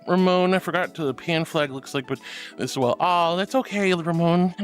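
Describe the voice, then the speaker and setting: A woman's voice: fairly low pitch, moderate pace, faint music behind. A woman streaming from home, chatting casually with her viewers in a bubbly, affectionate, giggly way. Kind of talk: casual livestream chat reading comments.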